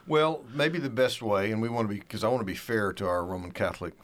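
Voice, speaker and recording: A man with a slightly low voice talks through church doctrine in a calm, measured way. He slows down to lean on the key words as he reads and explains. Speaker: theology discussion guest. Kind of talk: theological discussion, reading quotes.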